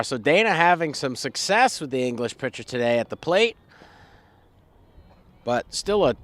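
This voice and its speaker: Relaxed man giving softball color commentary. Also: on the high side, dry recording. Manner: relaxed, talks through player stats.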